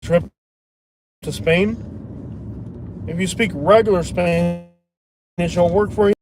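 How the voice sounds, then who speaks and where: A man's voice: high-pitched, steady tone, slow pace. A man hosting a live stream, chatting casually and arguing his point insistently from inside a car. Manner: argumentative, insistent. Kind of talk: casual chat. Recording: road noise in a car.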